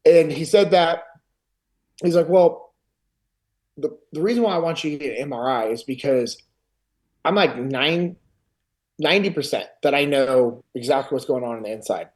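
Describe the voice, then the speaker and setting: A man's voice: on the high side, moderate pace, long pauses. A middle-aged man hosting a podcast, casually telling a personal story and acting out other people's lines. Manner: animated retelling, acts out others' lines. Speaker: podcast host.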